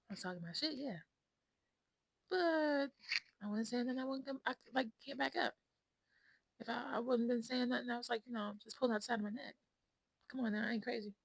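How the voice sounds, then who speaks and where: A woman with a fairly high, breathy, husky voice chats casually to her viewers. She rambles and speaks bluntly, sliding into whispers now and then. The sound is dry and close, with no room echo. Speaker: vlogger. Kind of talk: casual chat to camera.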